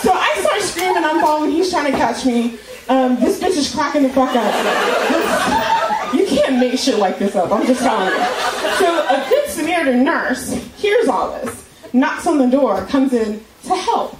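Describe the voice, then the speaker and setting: A woman's voice: high-pitched, big pitch swings, normal speed, far from the mic, a loud crowd. A woman telling a crude, profane story in a stand-up comedy set, acting out the quotes. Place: comedy club stage. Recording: echoey club recorded from afar, loud noise. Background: audience laughter.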